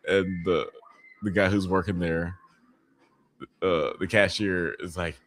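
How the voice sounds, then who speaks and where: A man's voice: low voice, steady tone, slow, a bit bright. A man hosting a podcast live watch party, chatting casually and profanely, groaning and laughing at gory scenes. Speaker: podcast host.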